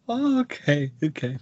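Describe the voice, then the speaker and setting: Casual podcast co-host, male, jokey and lively, dry dull lo-fi mic. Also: fairly high pitch, takes it slowly, no echo. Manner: animated, jokey, mimics film voices. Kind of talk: casual film review chat.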